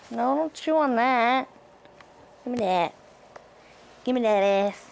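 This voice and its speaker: A woman's voice: a little high, slow, vocal fry, pauses often. A woman vlogger chatting casually at home, playfully cooing at and teasing her cat. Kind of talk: casual home video chat.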